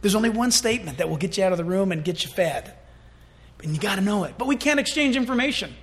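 Bright, high-pitched male preacher. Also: fast talker. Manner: animated, acts out scenes in voices. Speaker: pastor. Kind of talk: sermon. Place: church.

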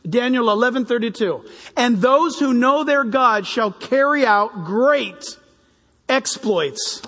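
A man's voice: very high-pitched, slow pace. Older male pastor preaching in an echoing hall. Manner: animated, jokey, acts out voices. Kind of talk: sermon. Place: church hall. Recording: reverberant hall.

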